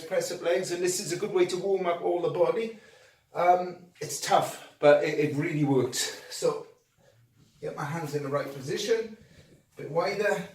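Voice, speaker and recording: A man's voice: sits high, a little mellow. A man demonstrating exercises at home, talking through each move and getting out of breath between reps. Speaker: fitness coach. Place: home workout space. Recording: echoey room, distant camera mic.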